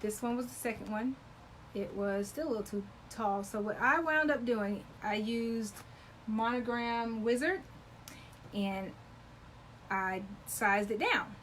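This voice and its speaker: A woman's voice: fairly high pitch, slow pace, fairly bright tone, slight background noise, poor audio. A talkative woman chatting with viewers while demonstrating embroidery on a live stream. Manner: talkative, loves to chat with viewers; greets viewers by name while working. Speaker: embroidery livestream host.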